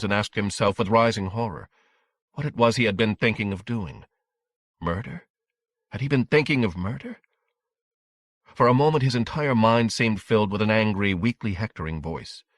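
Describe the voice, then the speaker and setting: A man reading a horror audiobook in a measured, dramatic storytelling manner. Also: on the low side, no echo, clean studio sound. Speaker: audiobook narrator. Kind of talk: scripted audiobook narration.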